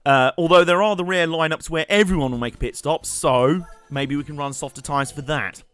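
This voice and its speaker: A man's voice: on the high side, brisk, a bit bright, clean tone, dry recording. A young man, chatting and joking while commentating his live gameplay stream. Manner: chatty, joking, rambling asides with laughs.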